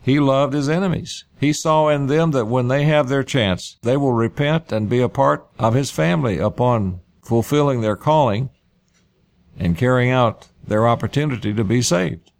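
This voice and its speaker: A male preacher with a gravelly, creaky edge to his mid-pitched voice. He reads scripture aloud and then retells it in plain everyday speech for his congregation. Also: moderate pace. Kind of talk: sermon.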